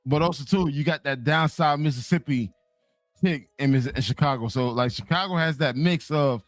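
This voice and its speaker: A man co-hosting a casual chat, animated and repeating himself as he talks. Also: on the high side, normal speed, no room sound, clean studio sound, soft background music. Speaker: podcast co-host.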